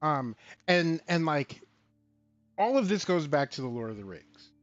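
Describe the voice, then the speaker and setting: A man co-hosting a casual show about tabletop games, talking in an animated, profane way and acting out lines of quoted characters. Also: on the high side, unhurried, no room sound, dull audio, soft background music. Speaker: podcast co-host. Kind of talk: casual tabletop game talk.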